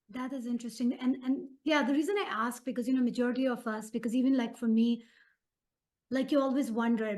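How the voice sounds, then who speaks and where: Engaged woman with a fairly high voice. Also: a little mellow. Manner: engaged, asks follow-up questions, relates her own experience. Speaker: podcast guest. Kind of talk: conversational interview chat.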